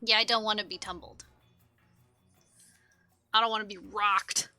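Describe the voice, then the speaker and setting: Casting: woman game streamer, casual and foul-mouthed, sharp bright tone. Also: medium pitch, steady tone, a little slow, no room sound, faint music behind. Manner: frustrated, swearing and laughing at herself.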